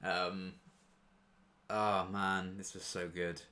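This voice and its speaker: A man's voice: deep voice, level tone, extremely slow, bright, forceful tone. A young man chatting casually in a reaction video, rambling and gushing with restarts and fillers.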